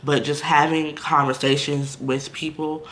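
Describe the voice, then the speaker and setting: A man's voice: a little high, level tone, measured pace, a bit bright. A man talking candidly to the camera in a casual vlog, blunt and conversational, full of fillers and direct asides to viewers. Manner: candid and blunt, lots of "like" and "you know". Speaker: vlogger.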